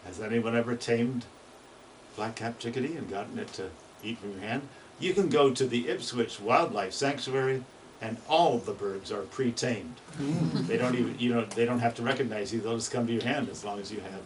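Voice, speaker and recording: A man's voice: medium pitch, normal speed, far from the mic, a little hiss or hum, rough recording. Chatty man explaining birdsong. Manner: chatty, enthusiastic, imitates bird calls. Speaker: birding presenter. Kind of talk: informal talk on birdsong.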